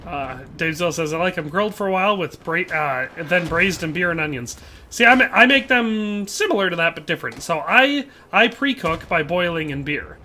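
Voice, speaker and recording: Young guy streaming a shooter, bright voice, slightly high, chatty, laughs a lot, headset mic. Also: animated, moderate pace, slight background noise. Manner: chatty, laughs often, trails off mid-sentence. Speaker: livestreamer. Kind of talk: casual gameplay commentary reading chat.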